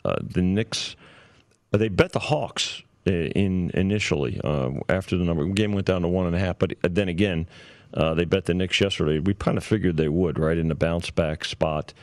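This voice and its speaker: A man with a very low voice talks through betting lines in a halting way, full of fillers and restarts. The sound is dry and close, with no room around it. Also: a little mellow, no echo. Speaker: sportsbook oddsmaker, show regular. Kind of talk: casual sports betting talk. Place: radio studio.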